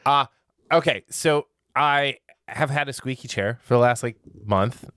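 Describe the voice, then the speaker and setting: A man's voice: medium pitch, measured pace, a bit bright, clean tone, no echo, clean studio sound. A man hosting a podcast in casual chat, rambling and joking with frequent restarts. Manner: joking, rambling, self-interrupting. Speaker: podcast host.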